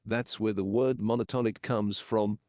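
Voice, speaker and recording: A man with a lowish voice reads an English lesson at a slow, measured pace. He explains each point plainly. The sound is dry and close to the mic. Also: steady tone, mellow, no echo. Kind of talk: slow paraphrased lesson narration.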